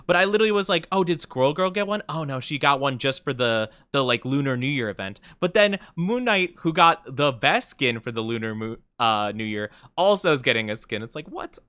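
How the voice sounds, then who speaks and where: A young man chats casually on a game live stream, joking around playfully with bursts of mock self-pity and quick laughs. His mid-range voice is bright and forceful, with no echo.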